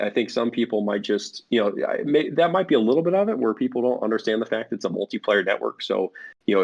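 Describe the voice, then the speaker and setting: A man's voice: lowish voice, creaky. A man speaking as a guest for a flight sim network in a casual podcast interview, rambling with many fillers and restarts. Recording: dull lo-fi audio.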